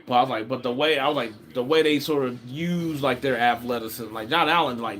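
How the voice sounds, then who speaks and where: A man casually commenting on a football game as he watches, rambling, slangy and animated, often starting with "I was like.". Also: mid-range voice, a little fast, a little hiss or hum.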